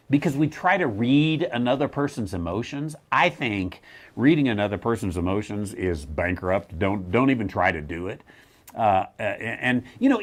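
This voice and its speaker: Wry, animated middle-aged male theologian. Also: mid-range voice. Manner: animated, wry, jumps into mocking voices. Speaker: theologian answering questions. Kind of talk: casual teaching talk.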